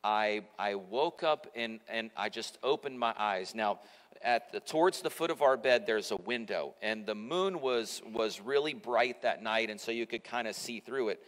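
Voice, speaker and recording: A man's voice: on the low side, normal speed, fairly bright tone. Man preaching in an echoey church. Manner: conversational, self-mocking storytelling. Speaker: pastor. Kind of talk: sermon. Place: church auditorium.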